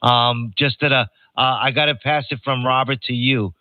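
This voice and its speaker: A man's voice: mid-range voice, steady tone, normal speed, dry recording, phone-quality sound. An older man from New York hosting a ham radio net in chatty, joking casual talk, reading out call signs. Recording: noisy radio transmission.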